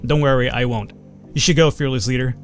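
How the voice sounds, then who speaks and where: A man's voice: mid-range voice, fairly even intonation, a little fast, soft background music, lightly acted. A man reading out the lines of a blunt, tough female mercenary from a game in his own voice. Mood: terse. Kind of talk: reading game dialogue aloud.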